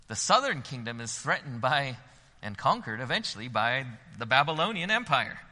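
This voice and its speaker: A man preaching a sermon. He swells to loud, emphatic peaks when reading scripture and drops low when he explains. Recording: long hall reverb.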